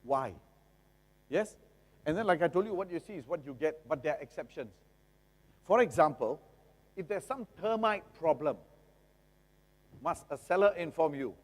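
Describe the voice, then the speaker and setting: A middle-aged man with a Singaporean English accent gives a lively, jokey seminar talk, often asking the audience rhetorical questions. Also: fairly high pitch, normal speed, long pauses. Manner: jokey, acts out buyers and sellers. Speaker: lawyer giving a seminar talk. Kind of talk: seminar lecture. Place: seminar hall. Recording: long reverb of a seminar hall.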